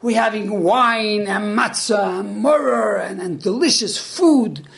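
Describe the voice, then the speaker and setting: A man acting out an excited, simple young man at a holiday meal who is amazed by the tradition. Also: high-pitched, takes it slowly, gravelly, heavily acted. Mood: thrilled. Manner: eager and wide-eyed.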